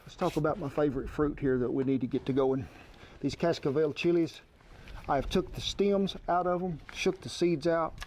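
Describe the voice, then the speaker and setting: A man's voice: fairly high pitch, moderate pace, darkish tone. A man giving a cooking demonstration outdoors at a grill in a folksy, homespun way. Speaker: outdoor cook.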